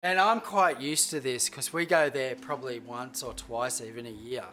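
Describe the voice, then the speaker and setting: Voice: mid-range voice, moderate pace, sharp tone, a little hiss or hum. A chef chatting casually through a home cooking livestream, rambling between tasks and swearing freely. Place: home kitchen.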